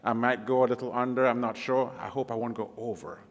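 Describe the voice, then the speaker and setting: A man's voice: medium pitch, fairly even intonation, fast talker. A middle-aged man with a Caribbean accent, giving a casual, self-joking guest sermon full of fillers. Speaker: guest preacher. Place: church sanctuary. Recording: long hall reverb.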